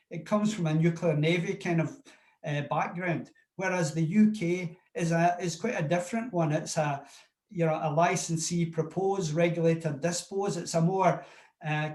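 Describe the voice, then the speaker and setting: A man's voice: on the high side, darkish tone, echoey room. A man with a Scottish accent speaking plainly and confidently as a panelist in a discussion.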